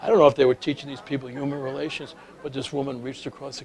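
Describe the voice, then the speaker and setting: A middle-aged man giving a storytelling lecture on leadership, with animated anecdotes that swing from loud to hushed. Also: medium pitch, quick pace, hardly any pauses. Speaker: speaker on leadership.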